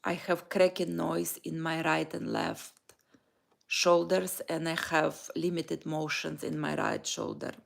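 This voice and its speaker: Woman talking slow and heartfelt to camera, lots of vocal fry. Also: deep voice, flat delivery. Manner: slow, halting, heartfelt, with pauses and restarts. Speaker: vlogger and life coach. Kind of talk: personal morning reflection vlog.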